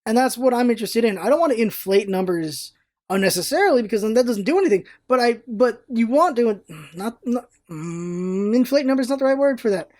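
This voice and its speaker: A woman's voice: on the high side, expressive, a little fast, darkish tone. A woman talking to camera in a casual vlog, rambling and correcting herself as she goes. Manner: rambling, self-correcting, chatty. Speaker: vlogger.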